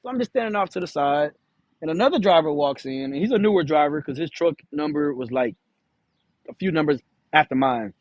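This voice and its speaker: A man's voice: fairly high pitch, lively intonation, a little fast, lo-fi sound. A man, a truck driver telling a story in a casual vlog, talking candidly with some swearing and acting out the voices of the people in it. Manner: candid, profane, acts out quoted dialogue.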